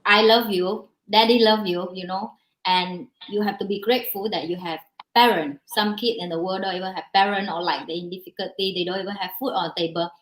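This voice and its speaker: A woman's voice: medium pitch, steady tone, fairly quick. Woman, single mother, earnest story, simple non-native english, roomy echo. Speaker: panel guest, single mother. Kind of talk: personal story in panel discussion.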